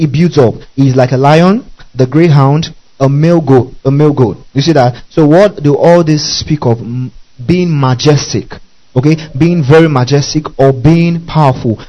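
Male Bible teacher, mellow dark tone, repetitive and checking in, muffled lo-fi recording. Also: medium pitch. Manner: repeats each point and spells out key words; often checks if listeners follow. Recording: dull lo-fi recording.

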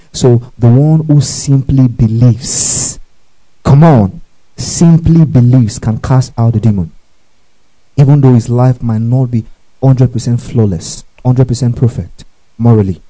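A man preaching a sermon, urging the congregation to repeat his words and rising to loud, high exclamations. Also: measured pace, poor audio. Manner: call-and-response, urging the congregation to repeat after him.

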